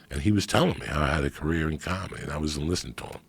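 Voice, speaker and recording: Middle-aged man, very deep and gravelly, blunt profane streetwise storyteller. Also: racing, few pauses. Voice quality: gravelly, raspy. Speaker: guest comedian. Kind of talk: casual storytelling.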